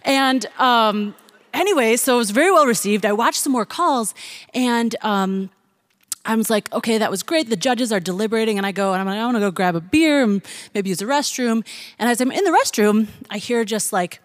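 A woman's voice: a little high, animated, brisk. A woman telling a personal story in a chatty way, laughing often and using many fillers.

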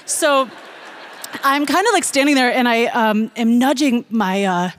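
A woman's voice: fairly high pitch, a little slow, a bit bright, a little hiss or hum. A woman telling a personal story in a chatty way, laughing often and using many fillers.

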